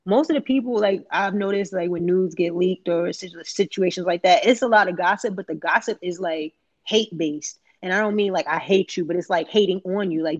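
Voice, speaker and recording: A woman's voice: fairly low pitch, fairly quick. A woman in casual podcast chat, talking candidly and profanely, rambling with lots of slang and filler words. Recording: muffled lo-fi recording.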